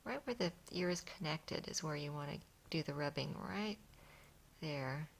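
A woman filming her cats on a smartphone at home, cooing to them in a soft, often whispered voice. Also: deep voice, normal speed, creaky. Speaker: cat owner filming her pets. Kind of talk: casual pet video narration. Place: home indoors. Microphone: smartphone camera.

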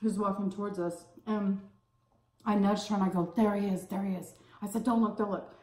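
Woman food vlogger, casual storytime, rambling and chatty, middle pitch, echoey room. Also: fairly even intonation, a little mellow. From California. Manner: chatty, lots of "like" fillers, pauses to savor food. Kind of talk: casual storytime while eating. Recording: roomy echo.

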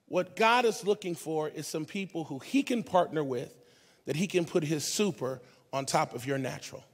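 A man with a bright, high voice preaches live, lively and funny, jumping into the voices of the people in his stories with street slang. His words ring out with a long reverb through a large hall. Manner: animated storytelling, acting out characters in a street-slang voice. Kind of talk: energetic comedic sermon.

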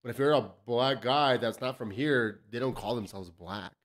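A man's voice: mid-range voice, moderate pace. Man, from El Paso, podcast host, casual chat, profane, laughing, storytelling. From South Side El Paso, Texas. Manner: loose, profane, laughing, tells stories with put-on quotes.

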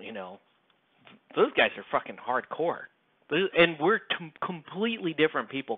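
A man's voice: mid-range voice, no echo. Man, hobby channel host, casual chat, rambling, filler-heavy, swears, dry, phone-like audio. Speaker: miniature painting channel host. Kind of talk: casual chat while painting. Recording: tinny phone-like sound, dry.

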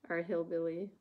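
A woman's voice: on the low side, phone-quality sound. A woman with a Wisconsin accent hosting a casual livestream, chatting with viewers while she paints. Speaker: craft livestream host. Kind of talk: casual livestream craft chat.

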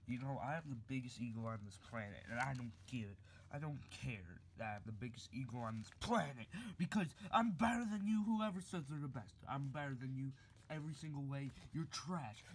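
A man's voice: medium pitch, a little hiss or hum, natural voice, rough recording. A man voicing a cocky male turtle gamer who brags and trash-talks nonstop, in a puppet comedy skit. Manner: bragging, trash-talking.

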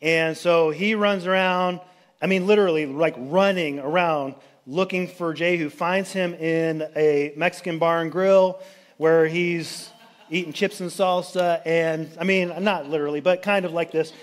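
A man's voice: fairly high pitch, steady tone, a little slow. A man giving a sermon as a pastor, retelling a Bible story in a loose, chatty way with jokey asides. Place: church sanctuary.

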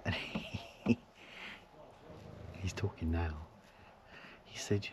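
A man casually vlogging from his van at a forest campsite, rambling and chuckling, sometimes dropping to a hush so he isn't overheard, with a handheld camera picking up his voice. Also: low voice, fairly even intonation, slow pace, long pauses. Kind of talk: casual camping vlog chat. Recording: noisy outdoor ambience.

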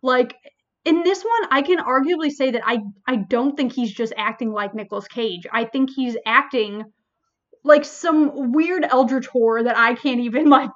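A woman librarian hosting a casual review chat, animated and full of fillers like "like" and "um". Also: sits high, normal speed, lo-fi sound. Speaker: librarian podcast host.

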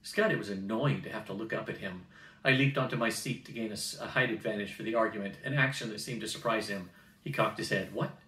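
An older man reading a novel aloud to family in a steady manner, recorded from a distance in a roomy space. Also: lowish voice, fast. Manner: steady reading, occasional throat clearing.

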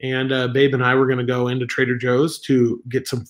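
A man's voice: mid-range voice, monotone, fairly quick. Rambling man chatting on a livestream. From Southern California. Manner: rambling, self-mocking, reads chat aloud. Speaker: livestream stand-in host. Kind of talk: casual live-stream chat. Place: home.

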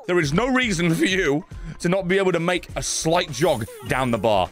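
A man's voice: a little high, animated, moderate pace, faint music behind. A man in his thirties giving live, sweary game commentary, ranting at the game in exasperation. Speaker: gaming streamer.

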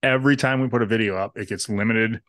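A man's voice: fairly low pitch, steady tone, fairly bright tone, no echo. Joking male podcast co-host, dry sound. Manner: joking, quick, laughs often. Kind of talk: casual banter.

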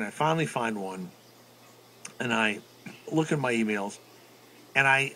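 A middle-aged man hosting a radio show, telling a story in casual chat with animated, rambling energy. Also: a little high, a little hiss or hum. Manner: animated, breaks into loud sing-song la-las. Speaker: radio host.

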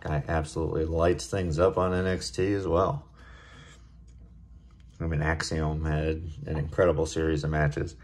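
A man hosting a casual card-opening video, chatting in a relaxed way and getting excited over good pulls. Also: a bass voice, normal speed. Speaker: card-opening channel host.

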